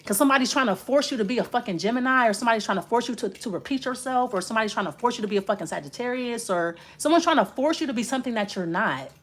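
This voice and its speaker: A woman's voice: on the high side, expressive, very fast, few pauses, a bit bright. A woman giving a casual spoken tarot reading, blunt and profane, rambling and restarting as she talks straight to the listener. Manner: rambling, with many restarts while reading cards. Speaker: tarot reader.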